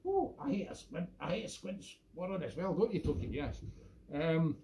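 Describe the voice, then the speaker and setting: A man's voice: a little high, big pitch swings, normal speed, noisy background. A man with a Scottish accent hosting a live stream from home, chatting in a jokey, rambling, self-mocking way into a phone. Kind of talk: casual live-stream chat. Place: at home during lockdown. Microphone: phone camera.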